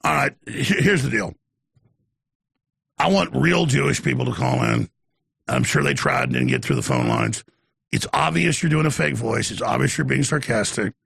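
Gravelly, intense male radio host. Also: mid-range voice, wildly swooping pitch, moderate pace, a bit bright, no room sound, clean studio sound. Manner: blunt, intense, mocking. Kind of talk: call-in talk radio.

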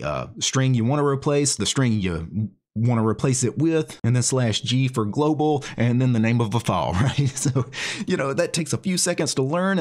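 A man's voice: mid-range voice, darkish tone. A man hosting his own channel, explaining commands step by step in a casual, conversational way, often adding "you know" and "right?". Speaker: channel host. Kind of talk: casual screen-share tutorial.

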